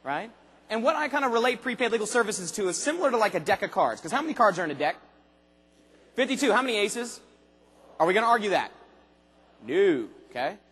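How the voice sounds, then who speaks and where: In a large convention hall with long reverb, a motivational speaker addresses a sales convention in a high voice with a breathy edge. He fires rapid, punchy questions at the crowd, speaking emphatically and sometimes breaking into shouts.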